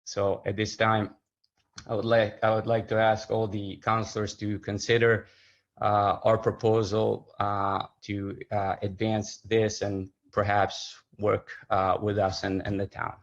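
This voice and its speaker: A man speaking at public comment in a town meeting, halting with many filler uhs. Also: fairly low pitch, level tone, lo-fi sound. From Connecticut. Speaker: local business owner speaking at public comment.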